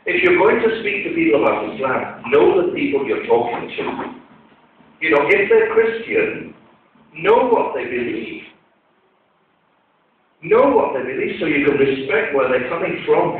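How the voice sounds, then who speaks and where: A man's voice: a little high, very animated, measured pace, a little hiss or hum. A man giving an Islamic talk to an audience, telling conversational stories with quoted dialogue, heard in a large hall. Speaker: Islamic lecturer. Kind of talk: storytelling religious talk to an audience. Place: large echoey lecture hall. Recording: tinny, echoey hall recording from far off.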